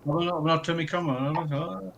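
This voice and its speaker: A man's voice: a little high, steady tone, very fast, vocal fry, lo-fi sound, noisy background. A man joining a casual painting stream as a guest over a video call, cheerful and a bit unsure with the tech.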